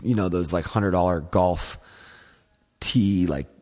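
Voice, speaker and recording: In casual conversation, a man tells rambling, profane stories loaded with "like" and other filler. His voice is low and darkish, and he speaks slowly.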